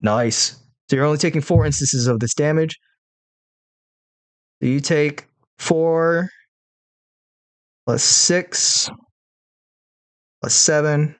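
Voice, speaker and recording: A man's voice: on the high side, takes it slowly, pauses often, no room sound. A man running a tabletop game as game master, narrating methodically and counting dice rolls aloud.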